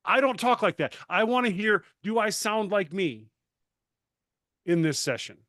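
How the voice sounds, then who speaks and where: Guy coach chatting on a video call, kinda high voice, restarts a lot, dry close sound. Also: a little slow, no room sound. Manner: animated, self-deprecating, frequent restarts. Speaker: master certified coach. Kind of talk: casual panel discussion.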